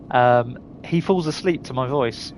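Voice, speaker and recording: A man's voice: a little high, background noise. A middle-aged man with a Surrey accent, chatting casually to viewers while live-streaming a game, reading out their names and laughing often. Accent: Surrey English. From England.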